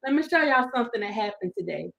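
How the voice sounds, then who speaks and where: A woman's voice: on the high side, big pitch swings, fast talker, vocal fry, a bit bright, muffled recording. A woman giving a laughing, playful casual commentary to her viewers. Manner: laughing, playful Southern-style slang. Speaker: commentary vlogger.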